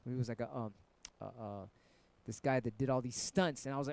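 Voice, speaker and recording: A middle-aged man from San Francisco chats casually with viewers on his live stream in a medium-pitched, expressive voice that is creaky and darkish, speaking a little fast. He's laid-back and tells rambling stories full of swearing.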